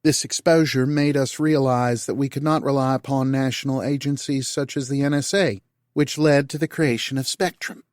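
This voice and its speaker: A composed female senator leading a secret briefing, read by a male narrator in close to his own voice. The delivery is measured and formal, at a middling pitch. The sound is dry and close, with no room echo. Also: fairly even intonation, darkish tone, close to an everyday voice. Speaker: narrator voicing character.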